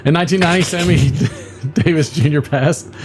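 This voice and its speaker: A man's voice: fairly high pitch, moderate pace, noisy background. A man co-hosting a casual podcast, reading out historical dates with dry, offhand jokes. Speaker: podcast co-host. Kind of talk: casual chat, reading out facts.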